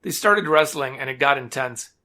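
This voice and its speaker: A man's voice: mid-range voice, animated, moderate pace, sharp tone. A man co-hosting a podcast, recapping a book in casual chat with wry jokes. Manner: wry, joking. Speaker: podcast co-host.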